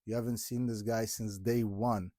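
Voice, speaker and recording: A man's voice: on the low side, little pitch movement, moderate pace, warm tone, dry recording, clean studio sound. A man from Ukraine, hosting a podcast and speaking earnestly and from the heart, often breaking off and restarting. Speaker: podcast host. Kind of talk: candid podcast conversation.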